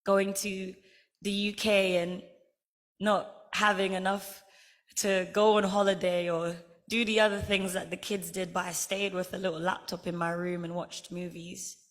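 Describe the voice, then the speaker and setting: An earnest woman with a Guyanese accent delivers a ceremony acceptance speech. She tells her story in a heartfelt way and leans hard on her key points. Her voice sits at an ordinary middle pitch for a woman. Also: level tone, a little slow. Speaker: honorary degree recipient giving an acceptance speech.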